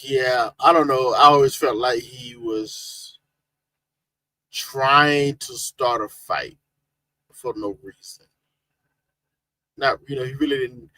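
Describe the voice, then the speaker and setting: A man's voice: mid-range voice, slow pace, pauses often, pushed and bright, no echo, low-quality recording. A man co-hosting a casual livestream chat, easygoing, laughing often and restarting his sentences. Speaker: podcast co-host.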